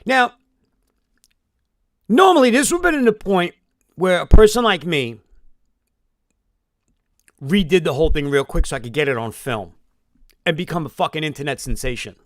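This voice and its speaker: A man's voice: fairly high pitch, very animated, normal speed, long pauses, fairly bright tone, dry recording, clean studio sound. A man telling a long emotional story in a rambling live-stream monologue, swearing often.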